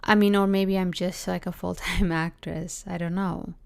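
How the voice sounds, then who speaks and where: A young adult woman with a Canadian accent hosting a reflective solo podcast, musing aloud with many "like"s, restarts and soft laughs. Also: lowish voice, flat delivery, moderate pace, vocal fry, smooth. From Britain. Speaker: podcast host.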